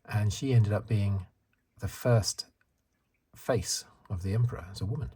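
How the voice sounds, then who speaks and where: Here a UK ASMR host in his fifties speaks gently and unhurriedly, his low voice mellow, resonant, and exceptionally smooth. He wanders through his thoughts, fixes his own words mid-sentence, and lets out the occasional chuckle.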